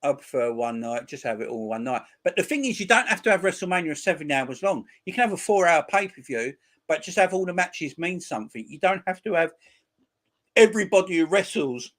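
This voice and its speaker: A man in his forties with a fairly high-pitched voice, hosting a casual live stream and chatting with his viewers. He talks in loose, crude banter and openly mocks the teams he discusses. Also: sing-song, a little fast, fairly bright tone. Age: 40s. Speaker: football channel host.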